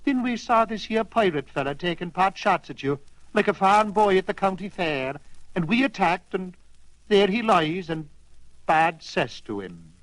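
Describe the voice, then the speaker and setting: A man's voice: high voice, expressive, a little slow, fairly bright tone, no echo, low-quality recording. A man doing a hearty Irish setter. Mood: boasting. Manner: scolding brogue.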